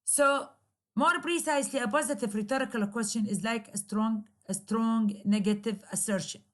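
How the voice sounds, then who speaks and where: A woman with an Arabic accent giving a grammar lecture, repeating example sentences slowly to show their intonation. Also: a little high.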